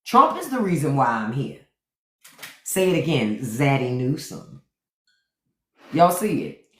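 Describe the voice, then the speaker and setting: A woman's voice: very deep voice, very animated, takes it slowly. A woman hosting a livestream with sassy, playful comedic commentary that repeats lines for effect. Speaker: livestream host. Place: indoors, phone livestream. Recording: roomy echo.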